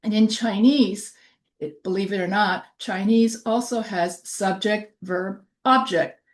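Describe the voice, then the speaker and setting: A middle-aged woman giving a recorded lecture, talking in a halting way with frequent fillers and restarts. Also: mid-range voice, steady tone.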